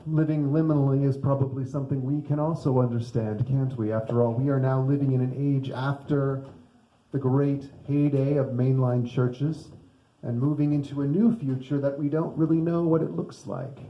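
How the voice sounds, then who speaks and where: A man's voice: mid-range voice, fairly even intonation, normal speed, dull audio. A male pastor giving a conversational sermon, often putting questions to the congregation. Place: church sanctuary. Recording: echoey church sanctuary.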